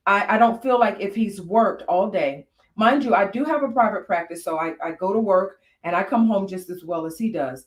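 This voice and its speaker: A woman's voice: medium pitch, lively intonation, moderate pace, roomy sound. A woman co-hosting a candid conversation about marriage, telling personal stories. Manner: reflective, storytelling with frequent fillers. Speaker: podcast co-host.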